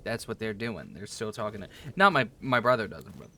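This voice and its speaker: A man hosting a let's play, rambling through casual gameplay commentary with animated, profane storytelling. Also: on the low side, brisk, vocal fry, slight background noise.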